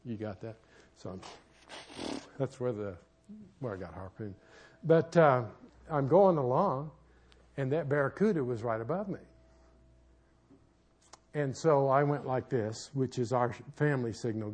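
A husky-voiced male preacher gives a sermon in a church. He tells a story with lively bursts and shouted asides, in a voice of middle pitch. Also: unhurried, long pauses. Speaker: pastor and marriage counselor.

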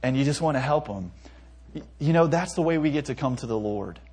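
Young male pastor, husky voice, casual sermon, stumbles and chuckles. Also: medium pitch, lively intonation, a little fast, a little mellow. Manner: conversational preaching with stumbles and self-amused laughs.

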